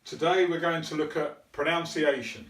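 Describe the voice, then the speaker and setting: A man teaching a pronunciation lesson, slowly and carefully demonstrating sounds. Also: fairly high pitch, fairly even intonation, a bit bright. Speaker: English teacher. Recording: echoey room, mic at a distance.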